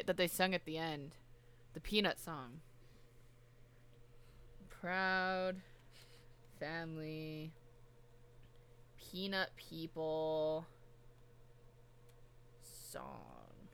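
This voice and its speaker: Brief: young woman podcast co-host, lowish bright voice, jokey casual asides, dry close mic. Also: clear, resonant tone. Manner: jokey interjections, quick to laugh along. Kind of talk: casual chat.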